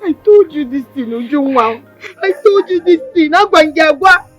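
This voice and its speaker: An actress with a Nigerian accent playing an excitable young village woman scolding her friend. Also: high-pitched, moderate pace. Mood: agitated. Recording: slightly dull film audio with music.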